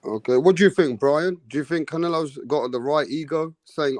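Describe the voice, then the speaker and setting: A man hosting a podcast in casual chat, blunt and animated, swearing freely. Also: on the high side, moderate pace, dry recording. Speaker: podcast host.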